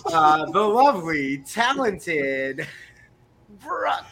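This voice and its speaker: Man, podcast host, teasing, chuckles, hugely swooping pitch, crowd noise behind. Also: sing-song, extremely slow. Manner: teasing, chuckling, introduces guests. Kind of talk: casual podcast banter.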